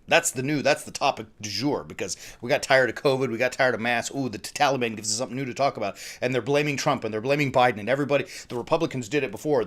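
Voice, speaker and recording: An agitated man rants on his livestream, picking apart news headlines. His voice sits at a middling pitch. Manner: agitated, ranting, reads headlines aloud. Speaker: host of faith livestream. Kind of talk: ranting livestream commentary. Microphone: streaming setup.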